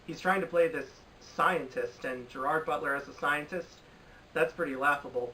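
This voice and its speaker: A man's voice: on the high side, bright, forceful tone, recorded from a distance, slight background noise, low-quality recording. Emphatic, exasperated young man reviewing films. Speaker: film commentator. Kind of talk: opinionated commentary. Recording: voice a bit off-mic with faint ambience.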